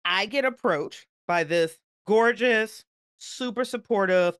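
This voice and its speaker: A woman guest on a podcast, telling a story in an animated, emphatic way with playful asides. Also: mid-range voice, takes it slowly, clean tone, dry recording, studio quality.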